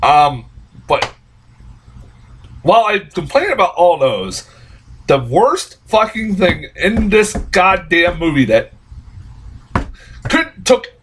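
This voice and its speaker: A man's voice: high-pitched, very animated, takes it slowly, pauses often, a bit bright, a little hiss or hum, low-quality recording. A young man reviewing a movie in a casual, exasperated rant, cursing often and rambling through restarts and laughs. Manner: exasperated profane ranting.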